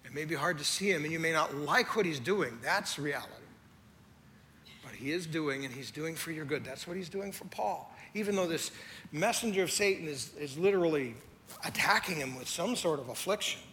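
A male lead pastor delivers a conversational sermon, his voice bright and forceful and pitched a little high. He moves between animated emphasis and hushed, quiet passages. The sound carries a long hall reverb over a faint room ambience. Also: normal speed, a little hiss or hum.

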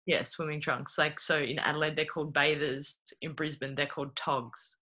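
Australian speaker, bright tone, chatty and easily amused, lots of fillers. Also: medium pitch, little pitch movement, moderate pace. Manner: laughs often, rambling with many fillers. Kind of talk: casual podcast chat.

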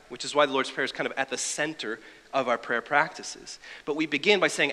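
A man's voice: on the high side, brisk, sharp tone. A man preaching a sermon in a conversational way, with wry asides. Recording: long reverb of a large hall.

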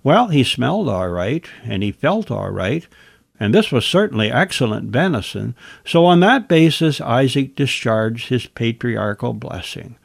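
Gravelly-voiced man teaching a Bible lesson. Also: medium pitch, sing-song, measured pace, no echo. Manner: wry asides between scripture readings.

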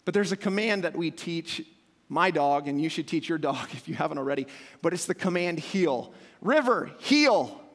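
A young man preaching a sermon, telling stories with lively acted-out shouts. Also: on the high side, a little fast. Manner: animated storytelling, acting out scenes with sudden loud shouts. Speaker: pastor. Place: church hall with a dog on stage. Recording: long hall reverb.

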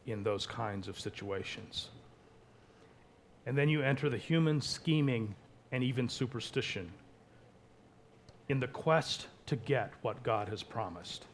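A man preaching a sermon, emphatic, with wide swings between soft and loud. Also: mid-range voice. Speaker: pastor.

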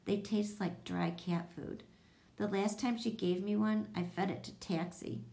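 A woman narrating a children's chapter book in a steady, even storytelling voice. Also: medium pitch, measured pace, gravelly. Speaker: audiobook reader.

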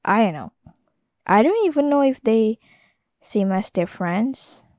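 A woman's voice: on the high side, big pitch swings, measured pace, a little mellow, dry recording, studio quality. A young woman from Indonesia, talking in a rambling, casual solo podcast monologue full of fillers and self-corrections. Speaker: podcast host.

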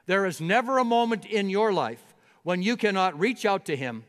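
A man's voice: sits high, lively intonation, normal speed, in a large hall. A man preaching a Sunday-morning sermon as pastor, building emphasis through repeated phrases. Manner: preaching with rising emphatic repetition.

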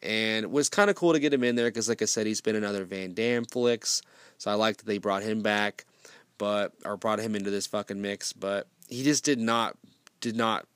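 A man's voice: lowish voice, moderate pace, a bit bright, clear, resonant tone, no echo. A man giving a casual film review, rambling and swearing freely, with frequent restarts.

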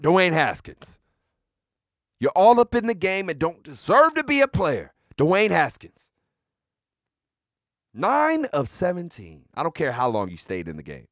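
A man hosting a sports podcast, delivering comedic, mocking trash talk with sudden shouted bursts. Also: sits high, no echo, clean studio sound.

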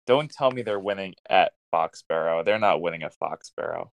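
Smooth low-voiced blunt podcaster man. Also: lively intonation, moderate pace, no room sound. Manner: blunt, decisive predictions. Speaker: podcast co-host. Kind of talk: casual sports chat.

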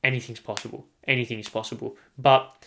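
An Australian man holds forth alone on his podcast, hammering his points home by saying them again and again. He talks at a middling pitch and swears without a second thought. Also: little pitch movement, fast talker, vocal fry, a bit bright, slight background noise. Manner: emphatic, repeats himself, swears freely. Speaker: podcast host. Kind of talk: solo sports podcast rant.

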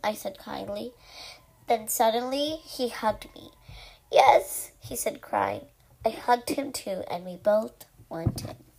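Slow-talking woman reading her own story. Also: on the high side, expressive, gravelly, a little mellow, rough recording. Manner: unhurried, chatty, with fillers. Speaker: podcast host and storyteller.

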